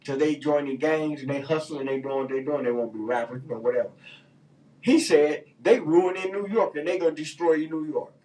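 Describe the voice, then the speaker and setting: A man hosting a radio talk show rants in loose, heated slang full of fillers, offering casual opinion talk. His voice is a little high and mellow at normal speed, but it sounds recorded from a distance with poor audio.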